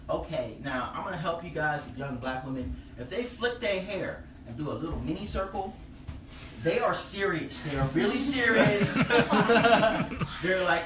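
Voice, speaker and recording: A man doing stand-up, with a slightly high, swooping delivery as he acts out the people in his stories. The recording is roomy and distant, with loud noise and laughter underneath. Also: measured pace. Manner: animated storytelling, acting out quotes, frequent laughter. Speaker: stand-up comedian. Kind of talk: stand-up comedy set. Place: comedy venue stage. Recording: echoey live room, mic heard from a distance, loud background noise. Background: audience laughter.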